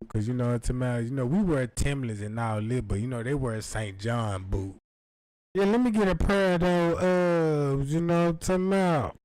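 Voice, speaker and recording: A man's voice: mid-range voice, moderate pace, darkish tone, dry recording, rough recording. A man rambling through a profane comic monologue, slipping in and out of put-on voices. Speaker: comedian.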